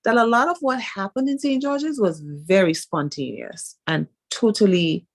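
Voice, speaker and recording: A woman's voice: mid-range voice, normal speed, creaky. A woman hosting a radio interview, talking in a conversational, engaged way. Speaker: host.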